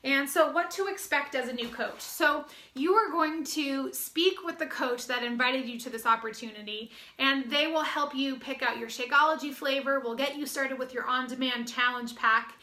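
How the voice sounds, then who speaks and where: A woman's voice: high voice, normal speed, hardly any pauses, pushed and bright, echoey room. An American woman coach giving an upbeat, chatty promotional talk, slightly out of breath, with fillers and restarts. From United States. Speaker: fitness business coach.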